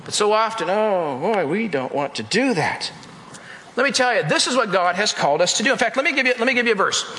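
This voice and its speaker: In a church, a male pastor preaches an emphatic sermon in a high, expressive voice, talking fast with a sharp tone. He repeats phrases and speaks directly to the congregation, and the echoey hall leaves a long reverb.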